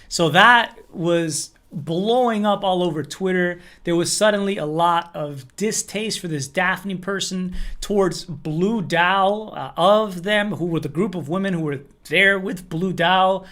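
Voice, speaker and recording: A man's voice: high-pitched, fairly bright tone. A man hosting a crypto news show, reading a first-person account aloud and then commenting loosely with fillers and restarts.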